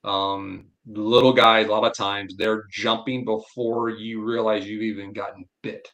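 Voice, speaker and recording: A man from Florida, a podcast guest, telling fishing stories in a blunt, animated, opinionated way. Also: fairly low pitch, a little slow. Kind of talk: casual fishing chat.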